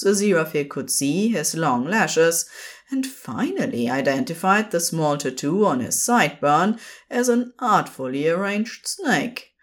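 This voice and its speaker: A woman with a lowish voice reads a story aloud, taking her time and letting her pitch rise and fall expressively. Her narration is unhurried and warm in pace, with a lively melodic shape. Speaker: podfic reader.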